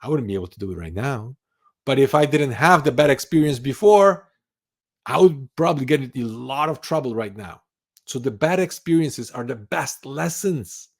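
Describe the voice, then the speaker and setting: Emphatic man giving forceful advice. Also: medium pitch, expressive, moderate pace. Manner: emphatic, insistent, repeats key phrases. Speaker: channel host giving advice. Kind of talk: motivational talk to camera.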